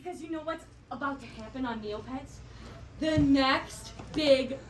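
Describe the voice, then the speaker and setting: Brief: young woman, panel host, high voice, loud and playful, echoey hall from far off with a loud crowd. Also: measured pace, slight background noise. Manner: energetic, playful, often shouting and laughing. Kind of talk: comedic improv convention panel. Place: large convention panel room. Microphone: handheld microphone, at a distance.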